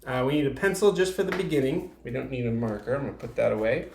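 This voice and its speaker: A man's voice: medium pitch, animated, fast talker, creaky, reverberant, heavy background noise. A man acting as an art teacher, giving a video art lesson for young children and patiently explaining each step, with frequent fillers.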